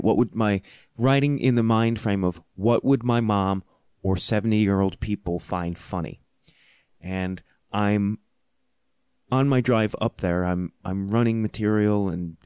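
A man hosting a podcast, telling a comic story in an animated, self-deprecating way, laughing often. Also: fairly low pitch, a little slow, smooth, dry recording, clean studio sound. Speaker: podcast host and comedian.

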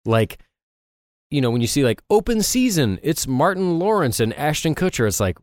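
A man's voice: a little high, very animated, normal speed, a little mellow, no echo. A man co-hosting a podcast, riffing with strong opinions in casual, comedic chat. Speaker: podcast co-host.

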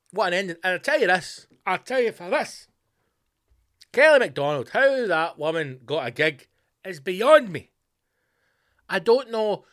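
A Scottish man hosting his own podcast, ranting sarcastically with constant swearing, swinging between loud outbursts and low mutters. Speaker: podcast host. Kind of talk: profane comedic rant.

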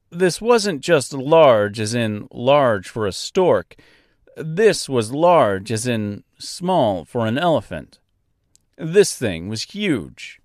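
A man reads a storybook aloud with a wry, dry sense of humor, taking a slow and unhurried pace. His voice moves through lively rises and falls in pitch. The sound is dry and close to the mic, with no room around it. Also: no room sound. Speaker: audiobook narrator. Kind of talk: storybook narration.

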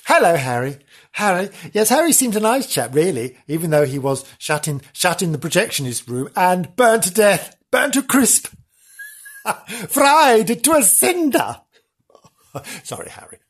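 A man's voice: sits high, husky, exaggerated voice. A man voicing a nervous, fussy middle-aged woman reporter exploring a haunted theatre, in a comic audio sketch. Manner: dithery, fussy, easily spooked.

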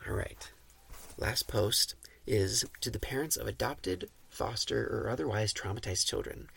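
A man hosting a podcast who reads and explains parenting advice in a calm, instructive, measured way. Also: lowish voice, vocal fry, husky. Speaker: podcast host.

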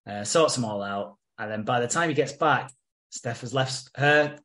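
A man from England, podcast co-host, casually recapping soap episodes with lots of swearing and quick quoted lines. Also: mid-range voice, fairly bright tone. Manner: sweary, retells scenes with quick quoted voices.

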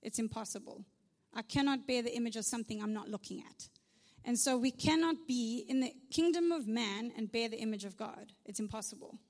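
A South African woman delivers a conversational sermon in a large church hall, her somewhat high, darkish voice trailing a long reverb. She talks fairly quickly and chattily to the room, tossing in "right?" and humorous asides.

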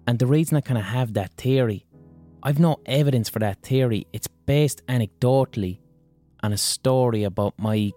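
An Irish man hosting his own podcast, spinning an anecdote in a loose, wry way and swearing freely. His voice sits at an ordinary middle pitch. Faint music plays behind him. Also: moderate pace, dark tone. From Ireland. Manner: profane, wry storyteller. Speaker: podcast host. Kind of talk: solo storytelling podcast.

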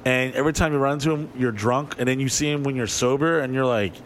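Man, mid-pitched, rambling podcast talk, swears a lot, slight background hiss. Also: fast talker. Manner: rambling, profane, lots of fillers and dry asides. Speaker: podcast co-host. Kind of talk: casual chat.

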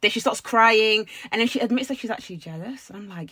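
A woman with a slightly high, husky voice talks fast, recorded in studio quality with no echo. She co-hosts a podcast, chatting casually and telling stories in a lively, animated way.

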